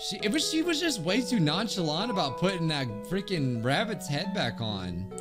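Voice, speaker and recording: An excitable man gives let's play commentary, joking and reacting loudly. His voice sits high and swings widely in pitch. Game music plays under his talk. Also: moderate pace. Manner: excitable, jokey and expressive. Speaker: gaming YouTuber.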